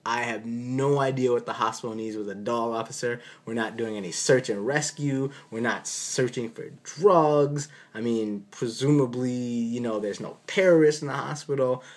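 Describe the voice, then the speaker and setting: A man's voice: mid-range voice, normal speed, few pauses. A man, a doctor, casually telling a story from an on-call night shift with a dry, sarcastic edge. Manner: wry, sarcastic delivery. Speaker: physician recounting an on-call shift.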